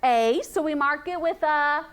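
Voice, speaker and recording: A woman teaching a phonics lesson to young children in a classroom, slow and sing-song, repeating sounds and rules. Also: high voice.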